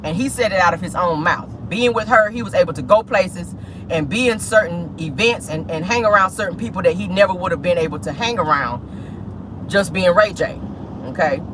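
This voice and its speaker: A celebrity gossip vlogger chatting casually from inside a car. The talk is animated and sassy, full of exclamations and crude slang. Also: mid-range voice, fairly quick, background noise.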